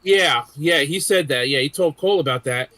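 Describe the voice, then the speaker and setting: A man's voice: a little high, normal speed, pushed and bright, dry recording, faint music behind. A man hosting a casual group chat, swearing freely and retelling scenes with animation. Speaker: podcast host.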